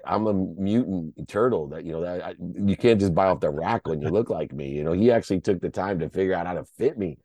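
A man's voice: sits low, fairly quick, few pauses, dark tone, no echo, clean studio sound. A middle-aged American man sharing a personal story as a podcast guest, heartfelt and choked up at times, restarting his sentences. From United States. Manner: heartfelt, choked up at times, restless repeated starts.

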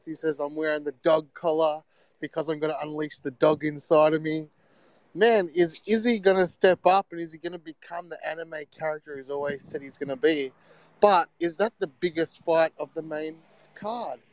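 A man with an Australian accent calling in to a show, chattering excitedly with slang. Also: fairly high pitch, no room sound. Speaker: caller.

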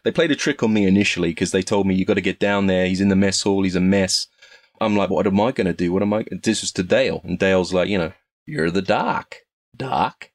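A man's voice: low-pitched, quick pace, no echo. Laughing English man telling stories. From England. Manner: animated storyteller, laughs often. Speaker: guest actor. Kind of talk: casual interview chat.

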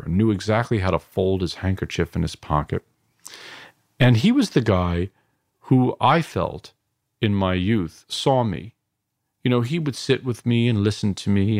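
A man's voice: low-pitched, creaky, darkish tone, no room sound, clean studio sound. A middle-aged man from New York, a filmmaker reflecting at length in an interview, digressive with frequent restarts and asides. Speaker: filmmaker guest.

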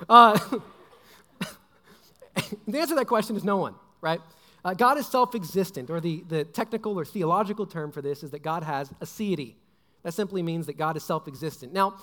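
A young adult man giving a casual sermon, chatty and full of fillers like "like" and "right?". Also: sits high. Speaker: preacher. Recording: long hall reverb.

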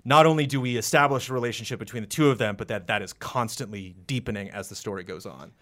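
A man in casual podcast chat, rambling and animated, acting out quotes with sudden jumps into a high voice. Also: fast. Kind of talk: casual podcast chat about video games.

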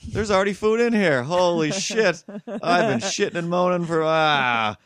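A man's voice: high-pitched, expressive, a little slow, fairly bright tone, no room sound, studio quality, voice pushed up. A man putting on a grumpy greedy old tomcat. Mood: amazed, greedy. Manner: gruff, complaining. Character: grumpy greedy old male house cat.

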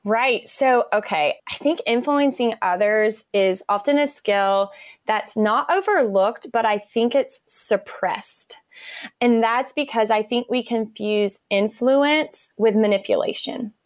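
A woman's voice: on the high side, takes it slowly, dry recording, studio quality. A woman in her thirties with an American accent, a podcast guest chatting casually and telling stories with lots of fillers and enthusiasm. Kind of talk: casual interview chat.

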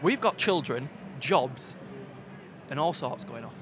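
A man co-hosting a podcast, talking in quick, wry, teasing banter. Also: medium pitch, lively intonation. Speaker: podcast co-host. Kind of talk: casual banter. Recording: noisy background.

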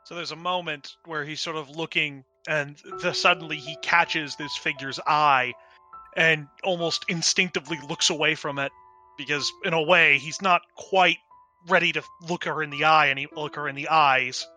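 A man talks through his character's actions in casual role-play, full of fillers. His voice is very bright and fairly high, with faint music behind. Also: steady tone, moderate pace, poor audio. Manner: filler-heavy, thinking aloud. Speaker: player.

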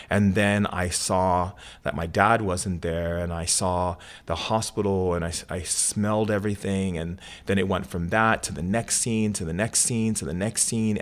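A middle-aged man earnestly retelling a vivid personal experience in an interview, with frequent fillers and restarts. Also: sits low. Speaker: shaman and author, guest.

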